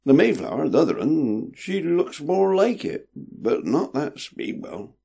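A man's voice: fairly high pitch, sing-song, a little slow, vocal fry, warm tone, husky, voice pushed up, heavily acted. A man voicing a doubtful, stubborn old male sailor who talks in a rustic, emphatic way, raising his voice above his usual tone. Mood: doubtful, grumbling. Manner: rustic old dockside talk, raised and emphatic.

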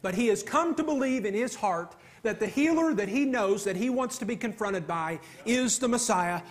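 Male preacher, high voice, emphatic sermon delivery. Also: lively intonation, normal speed. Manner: earnest, emphatic preaching with repetitions.

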